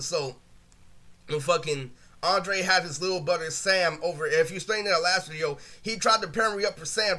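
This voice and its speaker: A man with a high, bright voice rants through a personal story, vlog-style. He talks in loose, rambling bursts, swears constantly and leans on filler words. The telling sounds aggrieved throughout. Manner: aggrieved, ranting retelling. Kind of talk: casual storytime monologue.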